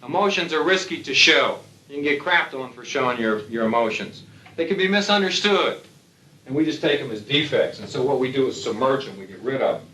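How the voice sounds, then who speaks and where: A man's voice: mid-range voice, pushed and bright, slight background noise. A man giving a lecture to military aviators in a blunt, folksy way with salty humor. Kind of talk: lecture to an audience. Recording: echoey hall, distant mic.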